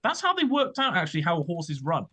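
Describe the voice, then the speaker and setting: A man's voice: fairly high pitch, huge pitch swings, a little fast, pushed and bright. A man hosting a casual chat, talking through his research with many fillers and restarts. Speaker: podcast host presenting research.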